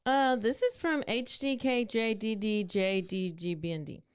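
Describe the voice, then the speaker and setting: A woman co-hosting a podcast, chatting casually and telling animated stories with laughs. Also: mid-range voice, measured pace, clear, resonant tone. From Texas. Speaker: podcast co-host. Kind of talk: casual chat.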